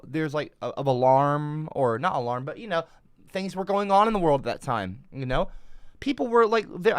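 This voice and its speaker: A man's voice: high-pitched, a bit bright, smooth, no room sound, clean studio sound. A man livestreaming, rambling defensively and swearing often. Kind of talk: casual livestream rant.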